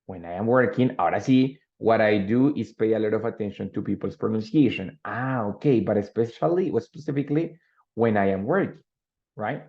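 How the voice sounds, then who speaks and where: A man's voice: lowish voice, fairly quick. A man teaching an English grammar lesson, explaining patiently and checking in with students with "no?" and "ready?". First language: Spanish. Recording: dull lo-fi sound.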